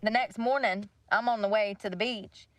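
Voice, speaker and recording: A woman's voice: medium pitch, fairly even intonation, moderate pace, fairly bright tone, no echo. A young woman venting bluntly to livestream viewers, swearing freely. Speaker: livestream host. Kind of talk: casual rant to viewers.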